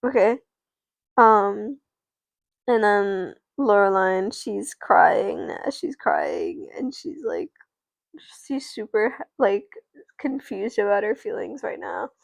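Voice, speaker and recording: A woman's voice: medium pitch, big pitch swings, slow pace, creaky, no echo. A woman casually narrating her doll play, rambling and often stopping herself mid-sentence. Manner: rambling, self-interrupting.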